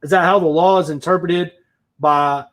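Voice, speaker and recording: A man's voice: fairly high pitch, steady tone, normal speed, a bit bright. A man, a real estate investor, giving a blunt, profane opinion rant to camera with emphatic repetition.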